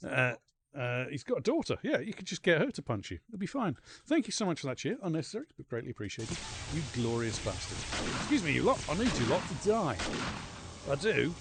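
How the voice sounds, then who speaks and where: A man streaming a game live, chatting to his viewers, swearing freely and swinging between calm muttering and loud excitement. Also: a little high, brisk, creaky, faint music behind. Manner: excitable, swears often, chats to viewers while playing. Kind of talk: live gameplay commentary.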